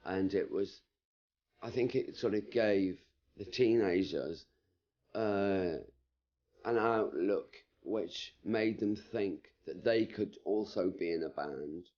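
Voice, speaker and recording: A man's voice: deep voice, takes it slowly, darkish tone, lo-fi sound. A man reminiscing in an interview in an easygoing way, with filler words. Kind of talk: casual reminiscing.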